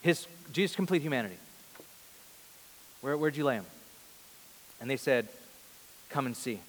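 A man in his thirties preaching a sermon before a large congregation, earnest, moving between loud emphasis and soft, hushed lines. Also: mid-range voice, lively intonation, normal speed. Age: 30s. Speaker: pastor. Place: large church hall before a big congregation. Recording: long reverb of a large hall.

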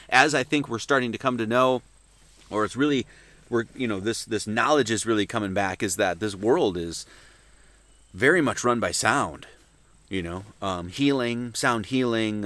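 At a Sunday service, a man preaches emphatically, swinging between loud emphasis and hushed asides and restarting often. His pitch is medium and the recording is dry.

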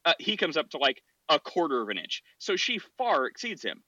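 A man's voice: a little high, sing-song, a little fast, pushed and bright, dry recording, highs cut off. A man hosting a podcast, arguing in a casual debate with frequent restarts and short laughs. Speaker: podcast host.

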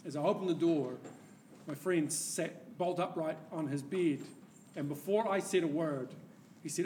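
A man preaching a sermon, telling a story with lively laughter and acted-out quotes, heard from a distance in an echoey church hall. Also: on the high side, measured pace, slight background noise. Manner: animated storyteller, laughs often, acts out quoted voices.

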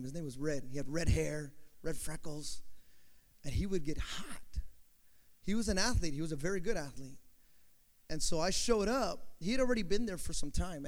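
High-voiced animated male preacher. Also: big-room sound. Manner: animated, asks the crowd questions, acts out quotes. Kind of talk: sermon storytelling.

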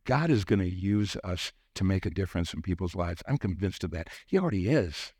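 A man's voice: low-pitched, animated, brisk, a little mellow, no echo, clean studio sound. A middle-aged man preaching a sermon, telling personal stories and acting out the people in them. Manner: storytelling, acts out quoted voices with sudden lifts. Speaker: preacher on a church teaching team.

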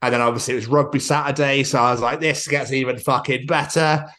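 Excitable man chatting. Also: medium pitch, fast talker. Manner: excitable, swears freely, acts out quotes. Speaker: podcast co-host. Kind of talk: casual chat.

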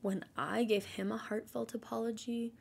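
Woman, devotional teacher and mom: casual, earnest, gentle, husky tone with soft near-whispered stretches. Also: on the high side, little pitch movement, normal speed. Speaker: Christian mother giving devotional teaching.

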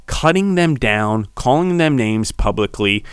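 A man hosting a podcast, delivering a heated, preachy solo monologue that swears and builds to shouting. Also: mid-range voice, expressive, a little slow, smooth, no echo, clean studio sound. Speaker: podcast host.

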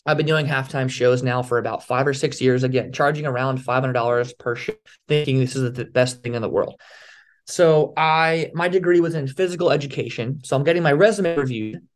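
A young man from the Philadelphia area telling stories as an interview guest, lively and acting out the other people's lines. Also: mid-range voice, fairly quick. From Philadelphia area, USA. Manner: animated storyteller, acts out quoted dialogue. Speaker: guest, balancing performer. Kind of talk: casual storytelling interview.

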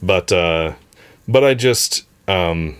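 Goofy dad podcast host with an animated, swinging delivery. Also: male voice, low voice, takes it slowly, clean tone. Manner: goofy, tells groan-worthy jokes. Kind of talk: casual family podcast chat.

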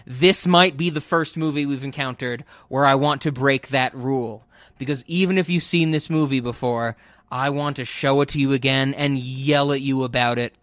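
A man hosting a casual movie podcast, animated and joking, laughing often and swearing freely. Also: fairly high pitch, no echo. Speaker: podcast host.

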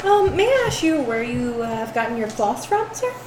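Woman player, slightly high voice. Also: sing-song, normal speed. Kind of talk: tabletop game play. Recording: echoey room with background noise.

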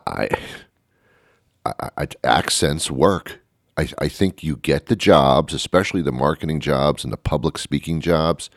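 A man's voice: rumbling low, vocal fry, no echo, clean studio sound. An older man hosting a radio show, rambling through a story with stumbling restarts and repeated words. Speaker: radio host. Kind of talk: radio talk monologue.

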